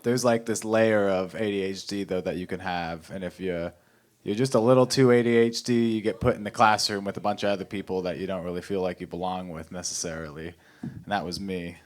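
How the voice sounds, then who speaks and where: Low-voiced laid-back male emcee. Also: fairly even intonation, brisk. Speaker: show host. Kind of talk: emceeing a comedy show. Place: small comedy venue.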